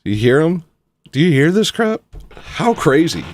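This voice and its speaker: A man's voice: fairly high pitch, big pitch swings, measured pace, no room sound. A man hosting a livestream and talking casually in a rambling, sarcastic way, dismissing a critic in his chat. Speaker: livestream host.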